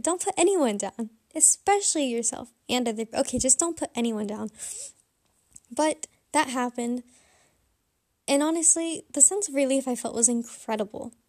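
A young woman with a bright, high voice shares a candid story in a casual confessional vlog. She rambles and reflects on herself as she goes. The recording is dry and close, with no room sound. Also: dry recording. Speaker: vlogger.

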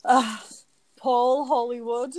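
A young woman co-hosting a podcast, chatting in a wry, casual way and reading passages aloud quickly. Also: a little high, fairly even intonation, darkish tone. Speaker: podcast co-host. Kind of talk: casual chat.

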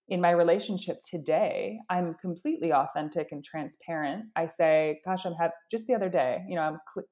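A woman's voice: lowish voice, darkish tone. A middle-aged woman sharing personal experience in an earnest, self-reflective way, often restarting her sentences. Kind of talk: candid conversational sharing.

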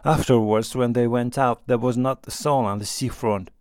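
A male narrator reads a classic novel calmly and evenly, at a middle pitch. The recording is dry and close, with no room echo. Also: normal speed, clean tone. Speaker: audiobook narrator. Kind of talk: scripted narration.

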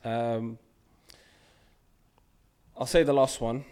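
A man's voice: medium pitch, fairly even intonation, extremely slow, a little mellow, smooth. A young man co-hosting a podcast who reads out listener questions in a playful, casual way. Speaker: podcast co-host. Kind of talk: casual chat.

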